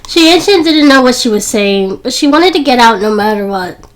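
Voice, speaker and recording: A woman narrates a romance audiobook in a high, light voice. She reads in a steady storytelling manner and pitches up further whenever a character speaks. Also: moderate pace, rough recording. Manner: lifts her voice higher for quoted characters. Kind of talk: scripted narration.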